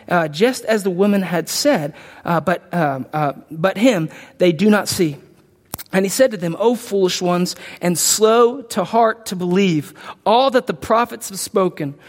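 A man preaching a sermon, reading scripture aloud and breaking off into animated, excited commentary. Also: high-pitched. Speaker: pastor. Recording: long hall reverb.

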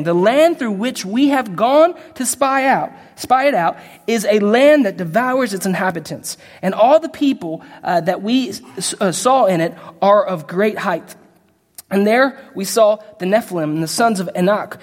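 A man preaching a sermon, reading scripture and explaining it in an emphatic, conversational way. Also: high-pitched. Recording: long reverb of a large hall.

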